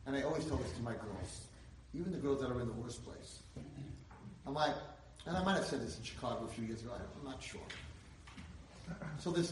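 A man giving an inspirational Torah lecture, telling a story and building to loud, emphatic peaks. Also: mid-range voice, lively intonation, fairly quick, recorded from a distance, slight background noise. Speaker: rabbi lecturer. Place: lecture hall. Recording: echoey hall, speaker away from mic.

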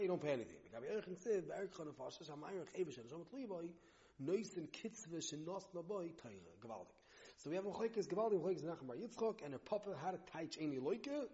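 Man, Talmud teacher, rapid-fire lecturing, fairly high voice, dull lo-fi recording. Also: darkish tone. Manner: rapid, mixing Hebrew-Aramaic terms into English, restarts often. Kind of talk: in-depth yeshiva-style lecture.

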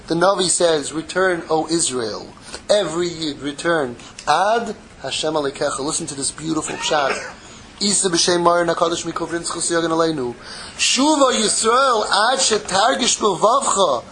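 A man giving an impassioned Torah sermon, mixing Hebrew terms into English and swinging from loud pleading to hushed, intimate tones. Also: fairly high pitch, a little hiss or hum, low-quality recording. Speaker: rabbi giving a Torah class.

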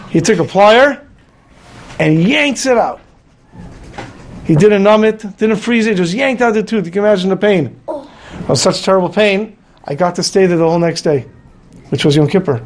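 A man's voice: high voice, brisk. A man telling a story in a Torah class, acting out the voices of the people in it. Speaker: rabbi.

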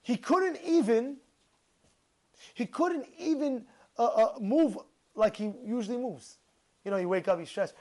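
A man's voice: very high voice, measured pace, pauses often. A man giving an informal religious talk. He asks many rhetorical questions and often repeats and restarts his words. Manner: animated, full of rhetorical questions. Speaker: religious speaker.

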